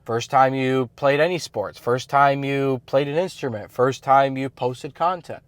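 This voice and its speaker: In an unhurried mid-range voice, a men's self-improvement coach offers casual advice to other men. He talks bluntly and slangily, with plenty of "like" and "you know" filler, and the recording is dry.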